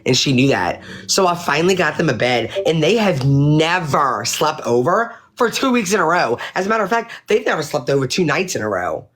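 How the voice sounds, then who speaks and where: A woman's voice: low-pitched, sing-song, brisk, hardly any pauses. Woman livestreamer; indignant, sweary, rambling rant to her audience. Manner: indignant, profane, rambling with restarts. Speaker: livestreamer addressing viewers.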